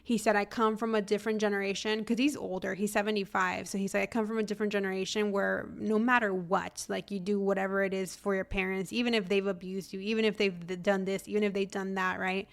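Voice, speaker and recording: Podcast host, young adult woman, smooth clear voice, chatty storytelling, acts out relatives' lines. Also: mid-range voice, quick pace, few pauses. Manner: animated, acts out family members' lines. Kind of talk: casual storytelling monologue.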